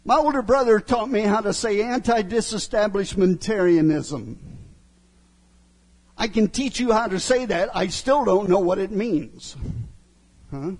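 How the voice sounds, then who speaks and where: A man's voice: high-pitched, breathy edge. A middle-aged male preacher giving a sermon, emphatic, often asking his listeners "huh?". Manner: slow, emphatic, asks the crowd "huh?" often.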